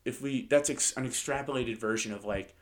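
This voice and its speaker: A young man hosting a comedy podcast, telling stories in an animated, casual way with swearing and laughs. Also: medium pitch, a little fast.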